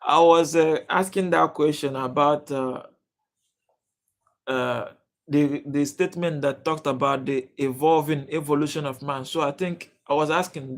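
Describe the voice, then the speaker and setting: A young man from Nigeria, hosting a casual livestream, reading out viewers' names and restarting his sentences with many fillers. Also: a little high. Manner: halting, many fillers and restarts, addresses chat viewers by name. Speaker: livestream host. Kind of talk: casual live chat reading comments.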